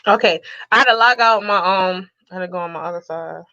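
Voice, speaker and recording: A woman, telling a sassy, animated story to her viewers and laughing often. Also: fairly low pitch, fast, no room sound, highs cut off. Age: 30s. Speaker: vlogger.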